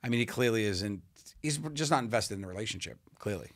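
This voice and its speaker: A man's voice: lowish voice, animated, fast, no echo, studio quality. A man co-hosting a comedy podcast, chatting casually, joking and laughing often as he repeats himself. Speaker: podcast co-host.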